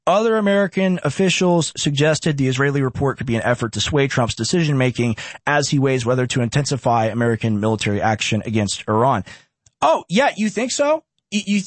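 A man's voice: a little high, no room sound. A man from Texas hosting a political commentary show, ranting sarcastically and reading news aloud with cutting asides. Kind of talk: opinionated political monologue.

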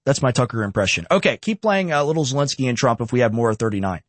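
A man hosting a political reaction show who pauses clips to rant sarcastically. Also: medium pitch, lively intonation, no echo. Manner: sarcastic, ranting. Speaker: host.

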